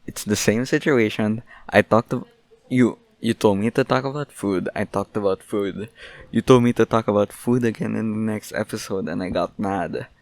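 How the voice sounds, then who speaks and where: A man's voice: on the low side, moderate pace, dry recording. A young man hosting his own podcast, rambling through a mock-angry, joking rant. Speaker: podcast host. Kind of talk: solo casual podcast rant.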